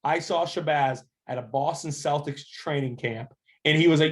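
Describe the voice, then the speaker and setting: A man in his thirties, an assistant basketball coach, telling stories as a guest in a casual interview, animated and full of restarts. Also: a little high, a little hiss or hum. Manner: animated storyteller, quick restarts, acts out quoted voices.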